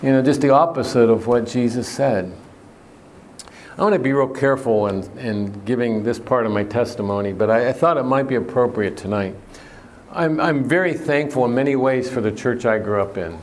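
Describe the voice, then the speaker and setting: With a faint hum in the background, a man delivers an earnest sermon at normal speed. His plain voice sits in the middle range, and he leans on key words while asking the congregation questions.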